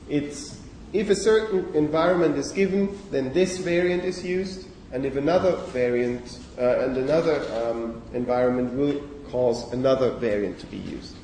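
Lecturer in an echoey hall, heard from afar. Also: male voice, on the high side, mellow, recorded from a distance, slight background noise. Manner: thinking aloud, frequent okays and fillers, self-correcting. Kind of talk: university lecture.

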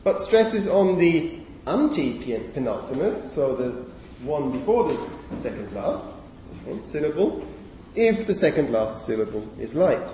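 A man giving a university lecture on phonology in a lecture hall, speaking haltingly with many fillers and self-corrections. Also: fairly high pitch, sing-song, warm tone, slight background noise. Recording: echoey lecture hall from far off.

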